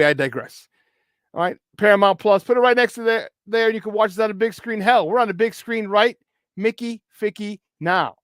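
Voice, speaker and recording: A man with a Chicago accent hosting a morning sports talk show, energetic and playful, giving slangy shout-outs to his listeners. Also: high voice, no room sound. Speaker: sports talk radio host.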